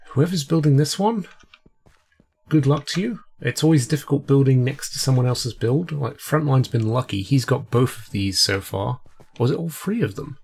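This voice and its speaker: Gravelly, slightly rough and a little mellow, this man's mid-range voice carries a cold as he hosts a let's play. His commentary wanders in a casual, chatty way, and he often pokes fun at himself.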